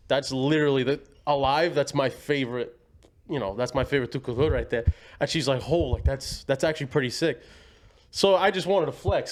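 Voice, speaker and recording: A man hosting a casual podcast, telling a rambling anecdote full of quoted dialogue. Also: mid-range voice. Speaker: podcast host. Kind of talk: casual storytelling chat.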